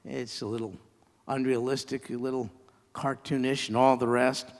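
A man preaching a sermon, reading a children's story aloud with lively storytelling and playful asides. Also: medium pitch, moderate pace, in a large hall.

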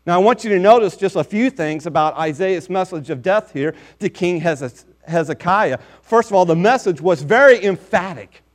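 Male preacher, high register, emphatic measured sermon delivery. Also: expressive.

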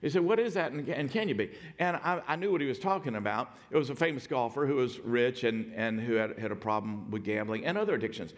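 A middle-aged man preaching a sermon, telling stories and moving from hushed, quiet passages to loud, emphatic points. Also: medium pitch, lively intonation, quick pace, few pauses, in a large hall. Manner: storytelling, dynamic swings from hushed to loud emphatic. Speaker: pastor.

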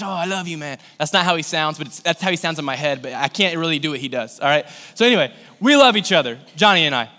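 A young man giving a sermon as pastor, talking in a conversational way and acting out little scenes as he tells stories. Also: fairly high pitch. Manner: conversational, animated storytelling with acted-out asides. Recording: long hall reverb.

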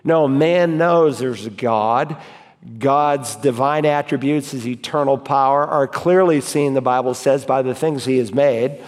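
A man, a pastor, preaching an emphatic sermon and reading scripture slowly and deliberately. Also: medium pitch. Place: church sanctuary. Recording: long reverb of a church hall.

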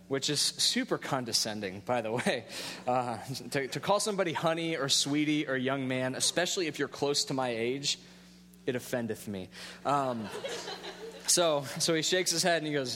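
A man in his thirties, a pastor, preaching a sermon in a relaxed storytelling way with self-deprecating humor. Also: mid-range voice, normal speed, long reverb tail, a little hiss or hum.

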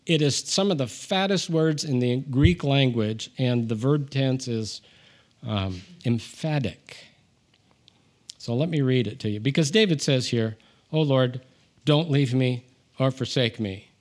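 A man preaching a sermon, conversational with asides, rising in pitch and volume when he reads scripture aloud. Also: a little slow. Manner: conversational with asides and self-deprecating humor. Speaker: pastor.

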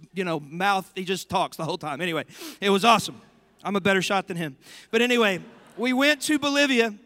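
Animated preacher, high bright voice. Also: male voice, smooth, no echo, in a large hall. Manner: animated storyteller, emphatic and drawn-out for stress. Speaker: pastor. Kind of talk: sermon. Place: church sanctuary.

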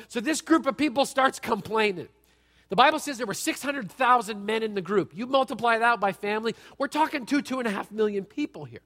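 A man giving a sermon as a pastor, with an animated, conversational delivery that jokes and asks the audience questions. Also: extremely high pitch, fairly quick. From United States. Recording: long reverb from a large hall.

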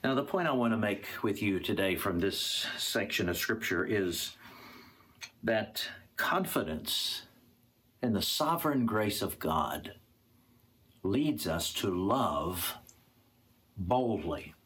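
Low, husky-voiced preacher. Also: male voice, expressive, slow pace, long pauses, a bit bright. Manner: earnest, repeats words for emphasis. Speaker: pastor. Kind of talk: sermon.

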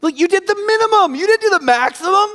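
A man's voice: very high-pitched, animated, quick pace, sharp tone, big-room sound. A man preaching a sermon in a conversational, emphatic way, often checking in with "right?".

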